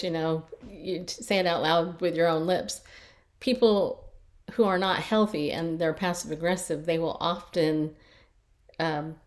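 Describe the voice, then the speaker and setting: A middle-aged woman life coach telling personal stories in a chatty, casual way, often repeating herself as she restarts. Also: fairly low pitch. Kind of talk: casual storytelling talk.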